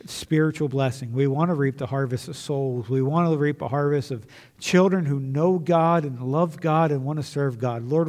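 Pastor guy preaching earnestly, middle pitch, big church echo. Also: a little mellow. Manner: earnest, repetitive preaching with restarts. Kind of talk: sermon and closing prayer. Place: church sanctuary.

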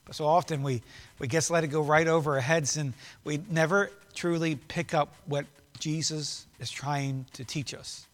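Preacher, man, high-pitched, earnest repetitive sermon delivery, long hall reverb. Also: normal speed, bright, forceful tone. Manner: earnest, repetitive preaching cadence that swells and drops.

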